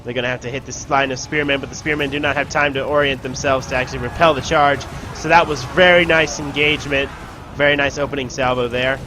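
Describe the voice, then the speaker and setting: A man giving casual let's play commentary on a strategy game, shouting orders and taunting enemies now and then. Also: medium pitch, steady tone, fast. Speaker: gameplay commentator.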